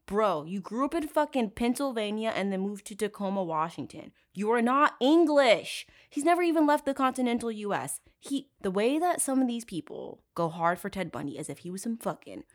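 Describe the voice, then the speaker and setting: A woman's voice: sing-song, brisk, hardly any pauses. Profane, sarcastic woman podcast host. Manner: profane, sarcastic and outraged, laughs often; swings between loud outbursts and low asides. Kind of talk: casual true crime storytelling.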